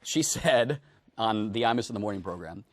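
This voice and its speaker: A man's voice: fairly low pitch, lively intonation, normal speed, dry recording. A man hosting a talk show interview, asking eager questions with stumbling restarts. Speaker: interviewer host.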